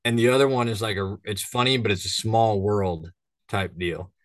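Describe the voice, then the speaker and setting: A man's voice: fairly low pitch, fairly even intonation, normal speed, no room sound, clean studio sound. A man from northern Minnesota, a hunting guide, talking casually and rambling through stories. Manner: rambling storyteller, acts out voices. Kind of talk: casual podcast chat.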